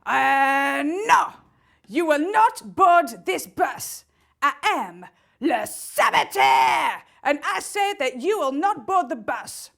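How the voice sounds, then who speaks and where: A woman's voice: very animated, slow, vocal fry, fairly bright tone, shouting, exaggerated voice. A woman doing a haughty mock-French saboteur. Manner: booming, haughty commands. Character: pompous shouting male saboteur with a mock French accent.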